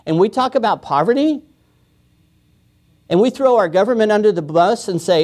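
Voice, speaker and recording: A man's voice: sits high, lively intonation, normal speed, a little mellow. A man preaching a sermon as pastor, in a casual, joking way, often chuckling and acting out quoted voices. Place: church.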